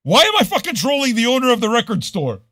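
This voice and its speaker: A man hosting a live radio show, ranting casually and swearing a lot, swinging between loud outbursts and low muttering. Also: huge pitch swings, fast, dry recording, clean studio sound.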